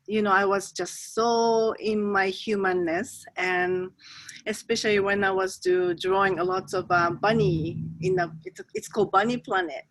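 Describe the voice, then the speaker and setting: A woman speaking as an interview guest, soft and hesitant, with many pauses and fillers. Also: mid-range voice, dry recording. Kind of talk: reflective spiritual interview.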